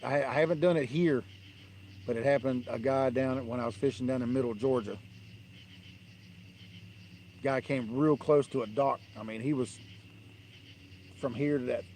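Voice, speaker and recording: A man's voice: mid-range voice, a little mellow, slight background noise. A man hosting a fishing livestream, telling rambling, blunt stories in a dismissive tone from a riverbank at night. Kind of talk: casual live-stream rant.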